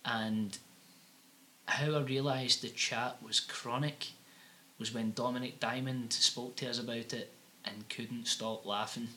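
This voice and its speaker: Scottish male co-host, young adult, bright edgy tone; rambling, sweary storyteller, background hiss. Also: mid-range voice, steady tone, a little slow. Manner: rambling, anecdotal, crude, swears freely. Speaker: podcast co-host. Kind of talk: casual comedic chat.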